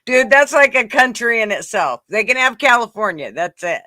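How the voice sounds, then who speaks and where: A man's voice: very high-pitched, big pitch swings, moderate pace, sharp tone, no room sound, clean studio sound. A man co-hosting a casual podcast chat, offhand and profane, laughing as he talks. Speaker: podcast co-host.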